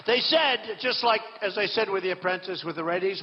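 A man's voice: high-pitched, brisk. A man giving an off-the-cuff campaign speech to a rally, rambling, boastful and repetitive, on a podium microphone in a large hall. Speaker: political candidate addressing a rally. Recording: dull hall recording with long reverb.

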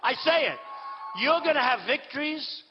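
A man giving a campaign rally speech as a political candidate, repeating himself emphatically and swinging between shouts and low asides. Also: expressive, normal speed. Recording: echoey hall, dull sound.

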